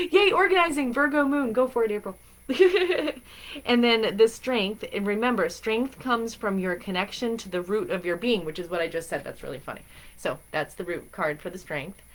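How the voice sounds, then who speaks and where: A woman chatting in a bubbly, rambling way as she hosts a live stream of spiritual guidance. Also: medium pitch. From Massachusetts. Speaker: spiritual reader and stream host.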